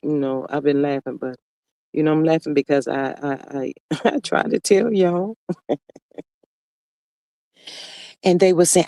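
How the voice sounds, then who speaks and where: A high-pitched man chats on a live stream, sassy and drawn-out, calling his viewers honey and child as he reads their comments. He talks into his phone, and the sound is close and dry, with no room echo. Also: creaky, dark tone. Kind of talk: casual live-stream chat, reading comments aloud.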